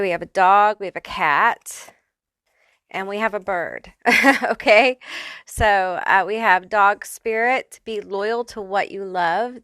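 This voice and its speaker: A woman's voice: mid-range voice, fairly bright tone, clean tone, no room sound. A woman giving a casual pick-a-card tarot reading who swears freely and laughs often. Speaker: tarot reader.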